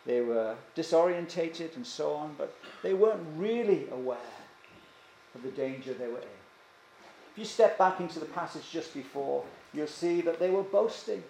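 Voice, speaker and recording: A man's voice: fairly high pitch, animated, normal speed, gravelly, warm tone, a little hiss or hum. A man preaching a sermon earnestly, often asking his listeners questions. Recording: echoey church room, faint ambience.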